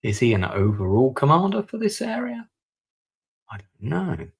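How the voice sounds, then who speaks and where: A man's voice: mid-range voice, wildly swooping pitch, moderate pace, gravelly, breathy edge. A man streaming a strategy war game, thinking aloud and muttering over his moves as he plays. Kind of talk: live-stream gameplay commentary.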